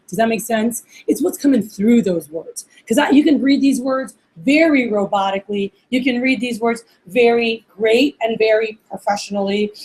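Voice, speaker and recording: Chatty high-voiced woman coaching receptionists. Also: rough recording. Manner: casual, chatty, acts out sample phone calls. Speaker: office manager training receptionists. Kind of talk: workplace training talk.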